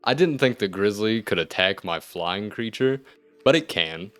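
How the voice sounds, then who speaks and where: A man casually commenting on a game as he plays, thinking aloud with wry asides and sudden excited outbursts. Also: lowish voice, measured pace. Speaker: gaming video host. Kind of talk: let's-play commentary.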